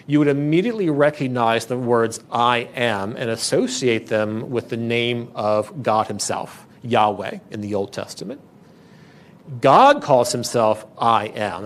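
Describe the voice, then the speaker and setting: A man pastor preaching a sermon in a church, earnest and emphatic, often restarting his phrases. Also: mid-range voice.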